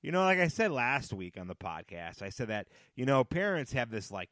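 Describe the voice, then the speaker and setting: A man in his thirties hosting his own podcast, chatting casually and jokily, swinging between loud bursts and low mumbles. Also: big pitch swings, brisk, dry recording, studio quality. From Chicago area. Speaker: podcast host. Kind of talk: casual solo podcast chat.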